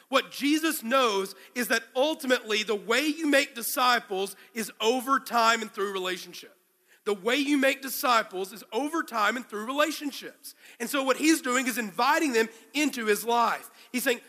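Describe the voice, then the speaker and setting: A male pastor preaching a sermon to a congregation, telling the story with animated, acted-out quotes. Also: very high-pitched, normal speed, in a large hall. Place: large room with a congregation.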